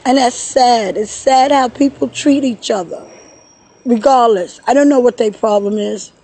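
Tearful woman talking into her phone in a park, husky and kinda high, stumbles and repeats herself. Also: dark tone, poor audio. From New York. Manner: upset, halting, repeats words. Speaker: vlogger. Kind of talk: emotional personal vlog. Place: outdoors in a park.

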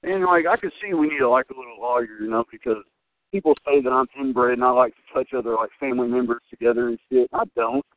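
A young man, a guest, telling rambling, profane, excitable stories full of fillers. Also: medium pitch, quick pace, no echo. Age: young adult. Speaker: wrestling guest. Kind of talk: rambling storytelling. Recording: dry, tinny phone-like line.

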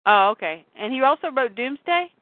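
A woman's voice: sits high, sing-song, normal speed, dry recording. A woman co-hosting a casual chat about comics, talking loosely, laughing often and acting out quotes. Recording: tinny phone-like line.

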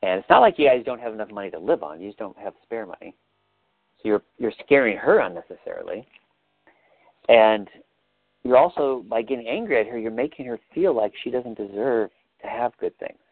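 A man leading a coaching session, asking gentle probing questions and explaining step by step. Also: medium pitch, animated, a little fast, dry recording, phone-quality sound.

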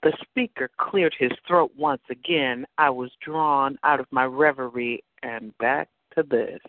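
A man narrating an erotic story in a slow, sensual reading. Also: mid-range voice, no room sound. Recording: dry phone-like sound.

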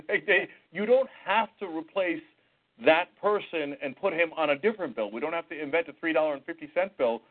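A man's voice: fairly high pitch, brisk. A man co-hosting a casual political talk show, making wry points and laughing as he talks. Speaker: podcast co-host. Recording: tinny phone-like sound.

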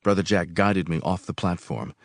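A man hosting a study session, reading a novel aloud in expressive first-person narration. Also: low voice, normal speed, no echo, studio quality.

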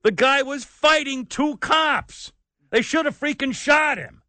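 A man's voice: extremely high pitch, unhurried, pushed and bright, no room sound. A man hosting a talk radio show, ranting in an exasperated, worked-up way and saying he is sweating. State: sweating, overheated. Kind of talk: opinionated talk radio rant.

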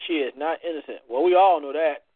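A man hosting a casual talk show, bantering loudly and playfully, preaching at listeners with plenty of cursing. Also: fairly high pitch, fast talker. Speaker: poetry show host. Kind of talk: casual radio-style chat. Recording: dry, phone-like audio.

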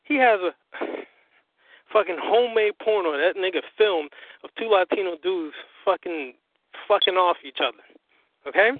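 A man, a guest on a call-in interview, telling his story in an animated, profane way and acting out what others said. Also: high voice, normal speed, no echo. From US Northeast. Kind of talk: casual phone interview. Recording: tinny phone line.

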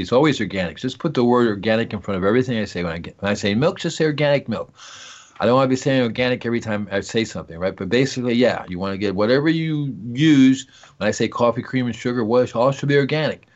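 A man with a mid-range voice hosts an organic gardening call-in show in a loose, rambling way. He jokes with himself and keeps circling back to his points. The audio is a little dull and lo-fi. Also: medium pitch. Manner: rambling, jokey, talks to himself. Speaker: radio show host. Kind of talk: casual call-in gardening talk.

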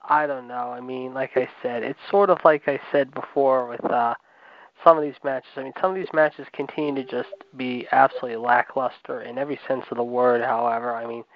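A man's voice: medium pitch, fairly even intonation, a little fast. A man co-hosting a wrestling podcast, ranting heatedly and rambling with repeated filler words. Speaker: podcast co-host. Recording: dull lo-fi dry sound.

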